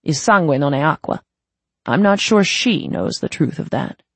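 A sly young gang boss in his twenties, as an audiobook narrator puts him on, smooth and mocking. His lines sit higher and louder than the narration, swinging lively up and down. There is a gravelly edge and a husky grain, close and dry. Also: normal speed, no echo. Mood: taunting. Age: 20s. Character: smooth, taunting young male Italian-born gang boss.

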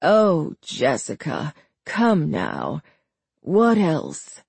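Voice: medium pitch, huge pitch swings, creaky, darkish tone, breathy edge, no echo, voice pushed down, exaggerated voice. Narrator voicing a frail, menacing old villain. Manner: slow, mild, menacing delivery. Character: frail old male villain, cruel and calm.

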